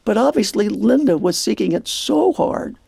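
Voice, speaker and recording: Gravelly, husky man giving a devotional. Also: sits high, lively intonation, normal speed, darkish tone, no echo. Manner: earnest, reflective storytelling. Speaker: radio devotional co-host. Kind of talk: devotional radio talk.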